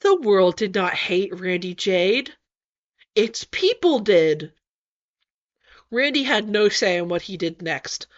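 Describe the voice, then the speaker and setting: A woman narrating a fan-written story as an audiobook, with an expressive, comic delivery. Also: medium pitch, slow pace, long pauses. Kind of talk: audiobook fanfic reading. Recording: dull lo-fi recording.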